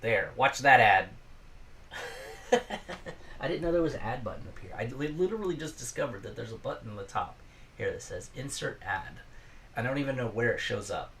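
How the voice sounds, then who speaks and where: Man hosting a chatty live stream from his garage, mic set back, mid-pitched voice. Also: lively intonation, fairly quick, long pauses, fairly bright tone, recorded from a distance, a little hiss or hum. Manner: rambling, chatty, talks to viewers. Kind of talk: casual live-stream chat.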